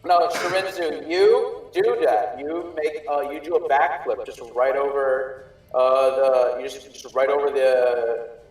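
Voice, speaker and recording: A man game master narrates a tabletop session in an unhurried, halting way, full of fillers and restarts. He sounds a little distant, with an echoey room around him. Faint music sits under the talk. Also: mid-range voice.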